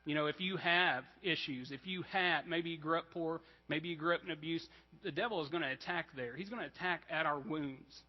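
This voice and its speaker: A man's voice: on the high side, a little fast. A man preaching a conversational sermon as pastor, talking casually with frequent "like" and "right?" check-ins. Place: church sanctuary. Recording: dull, reverberant church hall.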